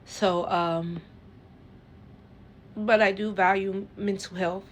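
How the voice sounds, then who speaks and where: A woman telling her own story to her viewers in a casual, earnest way, rambling and halting with lots of fillers and restarts. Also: mid-range voice, fairly even intonation. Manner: earnest and emotional.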